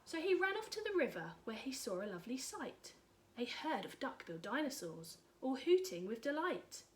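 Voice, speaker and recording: A woman reading a rhyming picture book aloud in an expressive, rhythmic way. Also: sits high, moderate pace. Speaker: storyteller.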